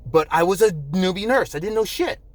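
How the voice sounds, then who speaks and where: A man's voice: high-pitched, expressive, brisk, no echo. A man in his fifties from New Jersey, a nurse vlogging in a blunt, profane, casual way and acting out the people he quotes. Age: 50s. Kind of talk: casual straight-talk monologue.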